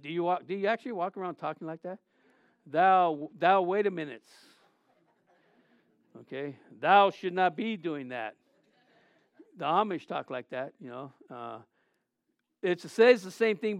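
High-voiced man preaching animatedly. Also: clean tone, no echo. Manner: animated preaching, asks the congregation questions; acts out quoted voices in asides. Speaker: pastor. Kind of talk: sermon.

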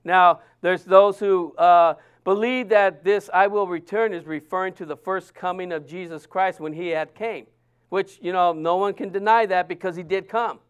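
A man's voice: high-pitched, fairly even intonation, normal speed, clean tone. A man preaching a sermon, earnest and emphatic, often restarting his sentences.

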